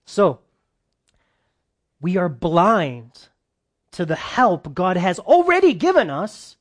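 A man delivers a casual, talky sermon in a voice sitting a little above the usual male range. He keeps checking in with his listeners through quick questions and moves between loud emphasis and hushed asides. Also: sits high, wildly swooping pitch. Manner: chatty, asks listeners questions, swings between loud and soft. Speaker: preacher. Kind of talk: conversational sermon.

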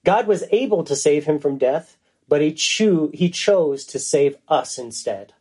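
Male preacher, earnest and emphatic sermon delivery, relaxed dark tone. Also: fairly high pitch, husky. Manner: earnest, emphatic, with slow stressed phrases.

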